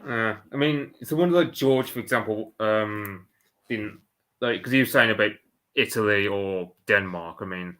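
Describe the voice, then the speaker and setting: A man's voice: on the low side, normal speed, fairly bright tone. Hesitant man with a Birmingham accent. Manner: hesitant, many restarts. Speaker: guest. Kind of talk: casual chat.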